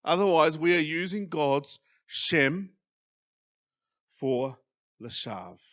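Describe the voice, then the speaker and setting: A man's voice: on the high side, lively intonation, takes it slowly. Emphatic New Zealand man preaching. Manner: emphatic, swinging from loud stresses to quiet asides. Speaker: pastor. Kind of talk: sermon. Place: church hall.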